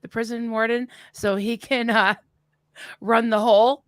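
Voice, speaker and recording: A woman's voice: a little high, level tone, a little slow, dry recording. A woman hosting a casual live chat, effusive and chatty, laughing often. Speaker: host. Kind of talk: casual conversation.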